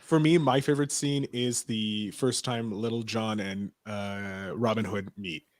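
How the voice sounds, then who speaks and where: A man on a casual movie review podcast, talking eagerly and piling up ideas with quick restarts. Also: on the low side, fairly even intonation, no echo, studio quality. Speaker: podcast co-host.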